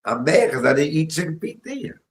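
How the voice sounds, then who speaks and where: A man's voice: fairly high pitch, very animated, brisk, low-quality recording. A middle-aged man, telling stories on a home cooking livestream, chatty and laughing. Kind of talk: casual storytelling while cooking.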